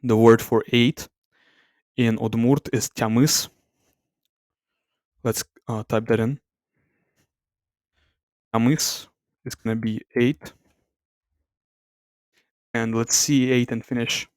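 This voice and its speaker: A man with a smooth, resonant voice talks softly through an ASMR-style language comparison. He thinks aloud, hesitates and corrects himself often. The sound is close and dry, with no room around it. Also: mid-range voice, steady tone, takes it slowly, pauses often, no room sound. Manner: soft-spoken, reluctant to talk aloud. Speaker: language video host.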